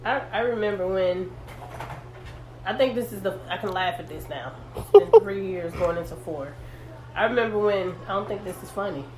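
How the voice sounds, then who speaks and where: A woman's voice: mid-range voice, sing-song, normal speed, mellow, slight background noise. A woman hosting a casual podcast who rambles and corrects herself, joking while holding back tears. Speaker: podcast host.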